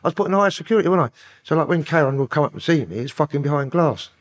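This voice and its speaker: Husky London man telling rough stories. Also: on the high side, lively intonation, very fast. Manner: profane, rambling street talk. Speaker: podcast guest. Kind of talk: casual storytelling interview.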